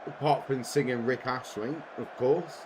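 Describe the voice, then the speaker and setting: Guy in his 40s streaming a game, slow easy rambling chat, noisy background hum. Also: mid-range voice. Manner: rambling, chatty, laughs often with viewers. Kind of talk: casual live-stream chat while gaming. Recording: steady background noise.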